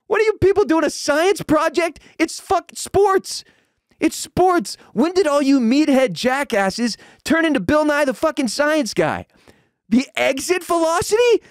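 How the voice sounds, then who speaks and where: A man hosting a sports podcast, ranting in a profane, heated way with shouted peaks, then dropping to a low, weary tone. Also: no echo, studio quality. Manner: drops to low, weary tone when calming down. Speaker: podcast host. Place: home room with dogs.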